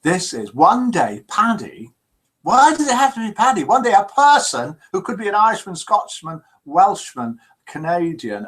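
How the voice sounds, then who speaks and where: Husky-voiced jokey man hosting. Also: medium pitch. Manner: jokey, lively, addresses listeners directly. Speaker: host of a live daily call-in show. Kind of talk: chatty live broadcast, reading out viewer messages.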